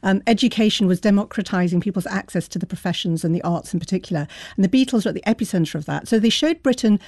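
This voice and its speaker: Fast-talking woman commentator. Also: medium pitch, darkish tone, dry recording, studio quality. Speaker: author and cultural commentator. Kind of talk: radio discussion. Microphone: studio mic.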